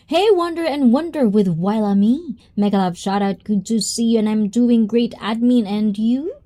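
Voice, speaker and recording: A woman's voice: on the high side, unhurried, mellow. A young woman, hosting a casual livestream chat in a bubbly, giggly way. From Japan and the Philippines. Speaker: livestream host.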